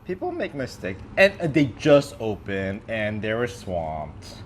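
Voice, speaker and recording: A relaxed man with an expressive, rising and falling voice, teasing his partner while they eat at home. He sounds easygoing, and there is a faint hum of background noise. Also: on the low side, measured pace. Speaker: co-host. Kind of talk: casual mukbang chat.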